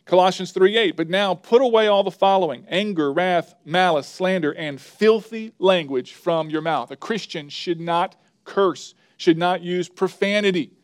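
A male pastor delivers a sermon in a somewhat high voice, recorded dry and close. He talks emphatically, repeating key words and counting through his points one by one. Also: moderate pace, hardly any pauses, no echo.

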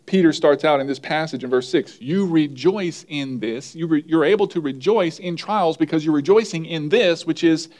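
Male pastor, sermon delivery, talks with the room and repeats key lines, voice a bit high. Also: normal speed, few pauses, darkish tone. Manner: conversational, asks the congregation questions. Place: church.

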